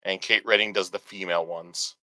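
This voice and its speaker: A man's voice: low voice, fairly even intonation, a little fast, sharp tone, no room sound, poor audio. A man co-hosting a podcast in casual chat, explaining things in a rambling way with restarts. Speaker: podcast co-host.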